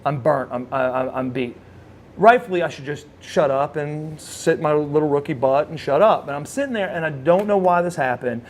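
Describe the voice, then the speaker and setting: Guy from oklahoma spinning a story, kinda high voice, really animated, does everyone's voices. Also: moderate pace, a little hiss or hum. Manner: animated storyteller who acts out the voices of others. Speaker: guest telling a wrestling story. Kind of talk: casual anecdote.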